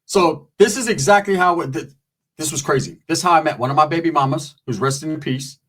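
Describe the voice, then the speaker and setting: A man telling a comic story in a casual, profane, slangy way, breaking into squeaky voices when he quotes people. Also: fairly quick, fairly bright tone.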